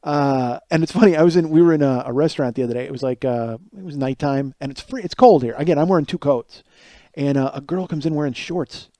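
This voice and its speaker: A man's voice: on the high side, fast, warm tone, dry recording. A middle-aged man from Chicago hosting a podcast, telling a rambling comic story with frequent restarts and profanity. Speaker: podcast host. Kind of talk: casual comic monologue.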